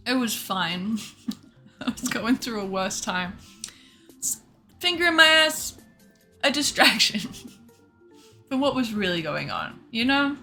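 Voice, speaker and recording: A woman streamer talks to her chat in a bright, sharp voice that sits a little high. She tells her story in an animated way, swears freely and acts out other people's lines. Faint music plays softly in the background.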